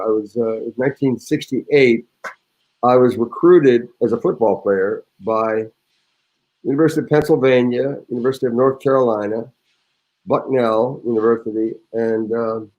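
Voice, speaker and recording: Older guy around 70, actor guest, loud theatrical storyteller, reads his memoir then just chats. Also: mid-range voice, low-quality recording. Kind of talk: reading a memoir anecdote and casual chat.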